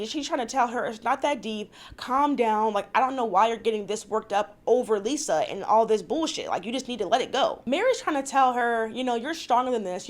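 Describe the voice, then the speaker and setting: Young woman, slightly high pitch, casual vlog recapper with blunt, exasperated opinions. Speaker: reality TV recap vlogger.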